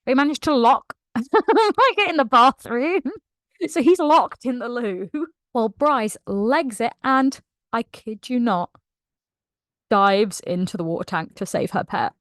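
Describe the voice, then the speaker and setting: A woman retells a novel's plot in a lively, gushing way, laughing often as she goes. Her voice sits fairly high. The sound is dry and close, with no room echo. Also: unhurried. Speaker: book reviewer. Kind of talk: casual book recap.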